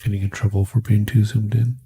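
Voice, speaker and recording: A man's voice: lowish voice, level tone, brisk, dark tone, slightly rough. A man running the camera on a live painting stream, tossing in offhand, joking asides. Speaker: camera operator.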